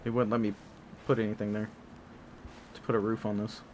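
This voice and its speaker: A man hosting a gaming video, chatting casually through gameplay, excitable and quick to swear. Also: fairly low pitch. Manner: swears often, excitable reactions. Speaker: gaming channel host. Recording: noisy game capture.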